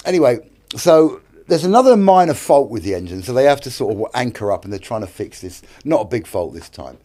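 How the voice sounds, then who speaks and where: Fairly quick and warm, with a medium pitch and big swings in intonation, a middle-aged British man tells stories casually on a podcast in a studio. An actor and director with a British English accent, he swears a lot and acts out what others said.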